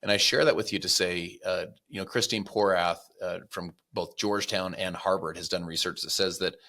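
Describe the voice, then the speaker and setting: A man who is a podcast guest, telling motivational stories and acting out the people he quotes with lively voices. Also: deep voice, normal speed. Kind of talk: motivational storytelling.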